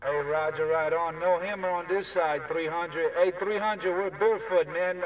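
A man chatting over CB radio, speaking in a drawn-out way full of radio jargon. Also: on the high side, steady tone. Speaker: CB radio operator. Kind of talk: casual CB radio chat with trucker lingo. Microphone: CB radio handset. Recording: distant radio voice with crowd noise.

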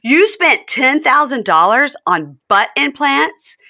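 A woman's voice: mid-range voice, very animated, brisk, a bit bright, voice pushed up. A woman voicing a bewildered middle-aged husband on reality TV, incredulous and plaintive.

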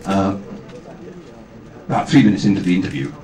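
A man telling anecdotes as a guest at a fan convention. He has a fairly low but very animated voice and is self-deprecating, and he restarts his sentences often. The amateur video catches him from far away in an echoey hall, with noise underneath. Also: a little fast. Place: large hall with audience. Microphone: far camera, amateur video.

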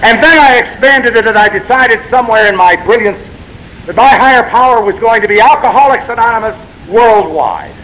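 Bright-voiced man telling his recovery story. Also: very high-pitched, fairly quick, poor audio. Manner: storytelling, blunt and self-mocking, swings between wry and exasperated. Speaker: AA speaker sharing his story. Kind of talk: recovery meeting talk. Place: meeting room.

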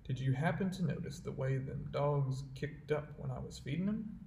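A man reading the part of Bill, a worried frontier sled driver who speaks in rough dialect and insists gravely on what he saw. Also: mid-range voice, normal speed, darkish tone, slight background noise, close to an everyday voice. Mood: uneasy. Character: weary frontiersman Bill, uneasy trail man. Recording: roomy echo.

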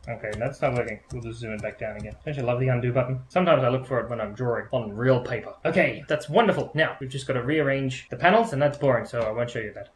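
A man's voice: medium pitch, slight background noise. Playful man rambling through a drawing tutorial. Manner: playful, rambling, silly asides. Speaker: animation teacher drawing a comic. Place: room at home with a baby nearby. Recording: roomy echo.

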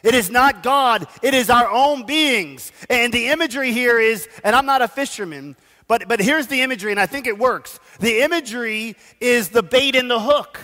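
A man's voice: very high voice, normal speed, pushed and bright. A man preaching a sermon as pastor, telling stories with self-deprecating asides and urging the congregation. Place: church sanctuary. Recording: long church hall reverb.

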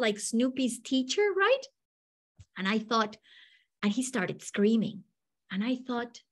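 Animated woman. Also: fairly high pitch, slow pace, pauses often. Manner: animated, acts out the people in her stories. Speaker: teacher trainer. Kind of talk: storytelling lecture.

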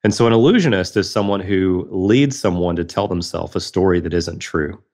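A man's voice: low-pitched, normal speed, a little mellow. A man in his thirties, a podcast guest telling a personal story in an earnest, reflective way.

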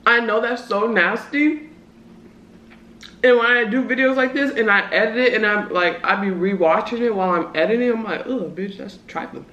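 A woman's voice: on the high side, moderate pace, sharp tone, highs cut off. A woman in her early twenties vlogging a casual mukbang chat, slangy and talking while eating. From Southern California. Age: early 20s. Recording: roomy echo.

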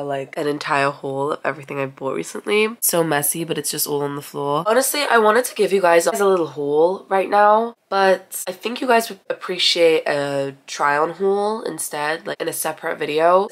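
A woman in her twenties from England, chatting casually to camera at home with a stuffy nose from a coming cold. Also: low-pitched. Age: 20s. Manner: chatty, gushing, self-mocking. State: stuffy nose, getting sick. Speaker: vlogger. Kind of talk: casual vlog chat to camera. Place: home, indoors.

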